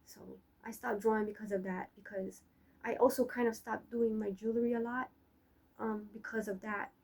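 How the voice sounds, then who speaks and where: A young woman talks off the cuff in a breathy, slightly husky voice that sits a touch high. Her chat is loose and profane, full of laughter and trash talk, like an unscripted personal vlog. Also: level tone, normal speed, darkish tone, rough recording. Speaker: vlogger. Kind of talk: rambling personal monologue.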